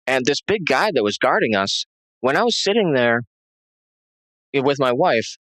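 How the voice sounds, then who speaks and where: A man's voice: mid-range voice, very animated, a little slow, fairly bright tone, no echo, low-quality recording. A man being interviewed, telling a tense personal story in a rambling way, with many restarts and fillers. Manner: tense, agitated retelling. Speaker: interview guest.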